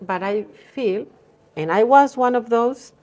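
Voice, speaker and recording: A woman's voice: on the high side, unhurried, darkish tone. Reflective middle-aged woman from Mexico. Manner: reflective, non-native English phrasing. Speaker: guest. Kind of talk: podcast interview.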